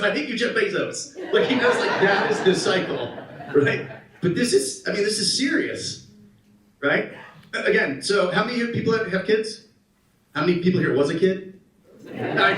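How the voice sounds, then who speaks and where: A man in his thirties giving a conference keynote, an animated storyteller who asks the audience questions. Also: high-pitched. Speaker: keynote speaker. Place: conference hall. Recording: roomy hall, mic at a distance.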